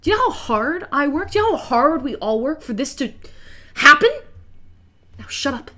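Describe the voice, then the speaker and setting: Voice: mid-range voice, steady tone, fast, vocal fry. A woman voicing an angry male crime boss who scolds a careless underling in a tabletop game. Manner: shouting, scolding. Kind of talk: tabletop game role-play.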